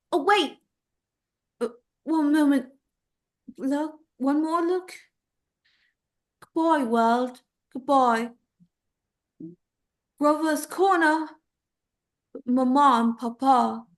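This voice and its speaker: A grieving young woman's ghost pleads softly with her mother, as a woman acts her out. The voice sits high and bright, and the lines come slowly with long, aching pauses. It is a dramatic monologue reading, tender and wistful throughout. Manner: tender, pleading, halting delivery.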